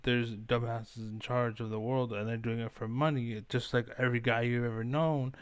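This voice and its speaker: A man's voice: medium pitch, little pitch movement, moderate pace, clear, resonant tone, no echo. A young man ranting on camera in a rambling, profane, fired-up way. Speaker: online commentator.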